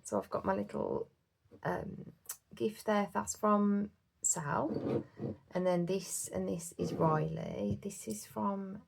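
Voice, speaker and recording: A woman's voice: mid-range voice, steady tone, slow pace, vocal fry, background noise. A woman from the UK chatting casually to her viewers about her budget at home, heartfelt and full of fillers. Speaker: budgeting vlogger. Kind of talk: casual chat to camera.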